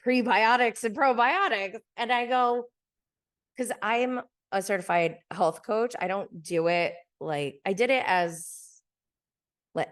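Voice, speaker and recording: A woman hosting a podcast, casually telling a story in a chatty way, with many "like"s and light laughs. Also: fairly low pitch. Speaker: podcast host.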